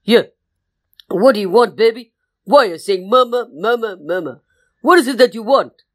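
A woman's voice: on the high side, lively intonation, moderate pace, fairly bright tone, pitched above the performer's own voice. A woman voicing a busy, serious but caring mother bear in a children's story. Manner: firm, cautioning. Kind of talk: storytelling performance.

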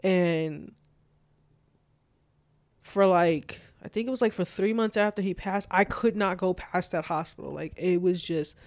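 Young adult, casual storytelling, lots of "like" fillers, mid pitch, dry close sound. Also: unhurried, no echo. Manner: loose, filler-heavy speech with many "like"s. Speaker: guest telling a personal story.

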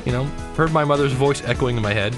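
A middle-aged man talks straight to camera in a loose, rambling vlog, restarting his sentences and turning his setbacks into a pep talk. His voice sits at an ordinary mid pitch, and faint music plays softly underneath. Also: fast talker. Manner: chatty, self-deprecating, pep-talk tone. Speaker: weight-loss vlogger. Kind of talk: casual personal vlog.

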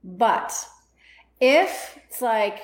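A woman's voice: on the high side, expressive, drawn-out words. Emphatic woman coach in an echoey room. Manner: casual, emphatic, acts out inner voices. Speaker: self-help coach. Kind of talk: motivational talk to camera.

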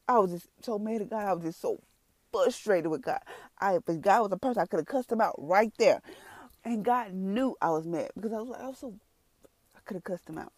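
A woman's voice: medium pitch, animated, a little fast, darkish tone, no echo. A woman telling an emotional personal testimony on her podcast, rambling and tearful, crying at times. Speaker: podcast host giving a testimony.

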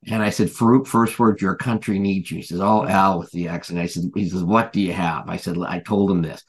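Husky low-voiced man telling a story. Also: fairly even intonation, a little fast. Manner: rambling, many fillers and restarts, retells dialogue. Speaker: podcast guest. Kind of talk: casual anecdotal storytelling.

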